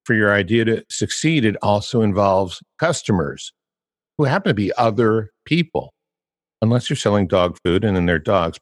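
A man's voice: fairly low pitch, in a large hall. An older man hosting a casual podcast about copywriting, musing and teasing with emphatic turns. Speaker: podcast host.

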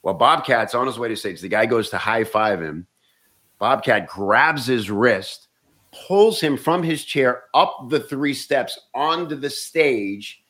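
A comedian and actor telling stories in casual chat, animated and often restarting words. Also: male voice, mid-range voice.

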